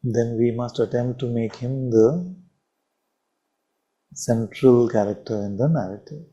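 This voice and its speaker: A man, a spiritual teacher, giving a slow and reflective satsang talk with long pauses and repeated phrases. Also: mid-range voice, mellow, muffled recording.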